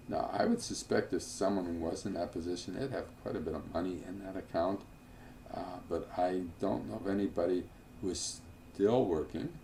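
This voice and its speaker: Low, mellow-voiced man lecturing informally. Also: a little hiss or hum. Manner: informal, digressive, with many fillers and asides. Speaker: financial planning instructor.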